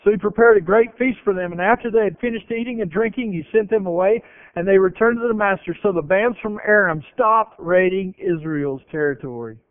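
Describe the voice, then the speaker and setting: A man preaching a sermon and retelling scripture with animated voices. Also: sits high, brisk, clean tone, no echo. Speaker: pastor. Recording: tinny phone-like radio broadcast.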